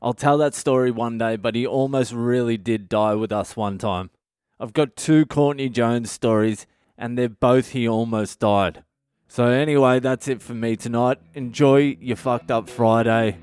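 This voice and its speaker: A man, a comedian hosting his own podcast, telling a profane, animated story from his past. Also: mid-range voice, moderate pace, smooth, no echo, studio quality. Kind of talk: storytelling monologue.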